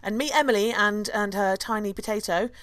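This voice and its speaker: A woman's voice: medium pitch, brisk, fairly bright tone. A woman who hosts a podcast and leads tours, chatting casually and laughing often. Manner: chatty, giggly, cackling. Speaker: podcast host and tour guide.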